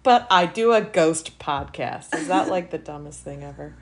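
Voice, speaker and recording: A woman's voice: sits low, animated, moderate pace. A woman co-hosting a ghost podcast, talking bluntly with lots of swearing and self-mocking jokes. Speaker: podcast co-host. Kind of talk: casual chat.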